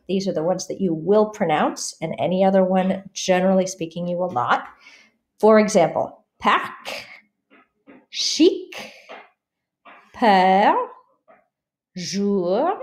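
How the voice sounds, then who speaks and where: Slow, careful woman teaching pronunciation. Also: mid-range voice, a little mellow. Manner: models French words slowly and clearly, then explains in English. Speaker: French teacher.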